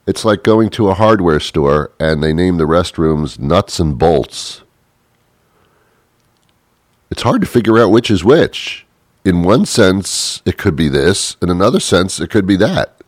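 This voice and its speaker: A man's voice: low voice, animated, unhurried, dry recording, studio quality. A man telling rambling comic stories in a wry, hesitant way, full of filler words.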